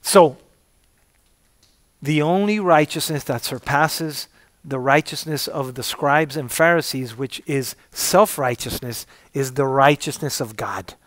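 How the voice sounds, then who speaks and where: A pastor preaching a sermon with emphatic bursts and call-and-response prompts to the congregation. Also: male voice, mid-range voice, unhurried, a bit bright, no room sound. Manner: call-and-response, repeating "say amen if you're with me".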